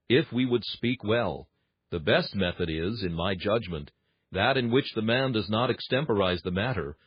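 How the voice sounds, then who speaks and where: A man with a husky voice reading a formal sermon text aloud in an earnest way, with dramatic swings in emphasis. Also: fairly low pitch, no room sound, muffled recording. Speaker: reader of a classic sermon text. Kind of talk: formal read-aloud preaching.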